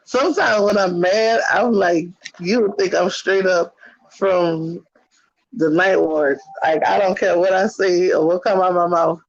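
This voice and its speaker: A woman's voice: lowish voice, no room sound. A woman in a casual chat who tells stories about her family and laughs often. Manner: laughs often, chatty storytelling. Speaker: guest. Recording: dry, dull lo-fi audio.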